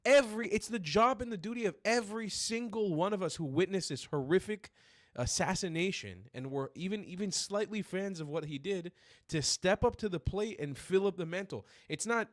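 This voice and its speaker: Brief: man streamer, angry political rant, swears constantly, slightly high voice, dry close room. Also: no room sound. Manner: furious, profane ranting. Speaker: streamer host.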